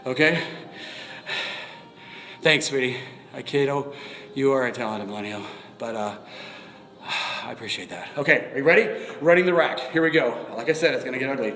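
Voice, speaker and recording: A man's voice: medium pitch, a little fast, pushed and bright. A man in his forties chatting casually through a live-streamed workout, swearing now and then and breathing heavily between sets. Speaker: fitness vlogger. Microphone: phone camera. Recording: echoey room with long reverb.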